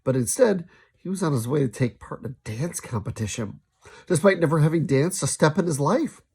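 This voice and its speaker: A man reading a children's novel aloud, lively, now and then stumbling and restarting a sentence. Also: on the high side, fairly quick, breathy edge. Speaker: storybook reader.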